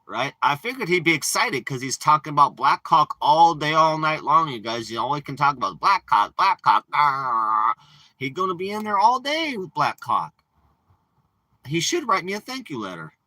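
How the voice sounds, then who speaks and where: A man's voice: on the high side, big pitch swings, normal speed, sharp tone, dry recording, rough recording. A man ranting and boasting in casual, profane, rambling livestream chat from inside a parked RV, talking into a phone. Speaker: live streamer.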